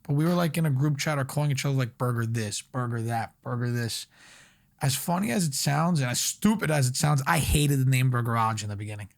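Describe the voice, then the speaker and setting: A man's voice: fairly high pitch, quick pace, creaky, few pauses. A young man from Long Island, a restaurant owner, telling his story as a guest on a casual podcast, full of "like" fillers. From Long Island, New York. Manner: energetic storyteller, many fillers like "like".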